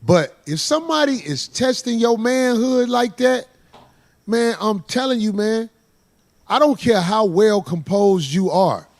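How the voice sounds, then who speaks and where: A man's voice: high-pitched, animated, unhurried. A man speaking as a guest on a talk show, blunt and emphatic in casual chat.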